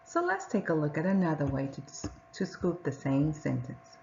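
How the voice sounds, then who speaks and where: A woman teacher giving a patient reading lesson to young children, sounding out words and reading sentences slowly and clearly. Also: deep voice, wildly swooping pitch, darkish tone, muffled recording, slight background noise.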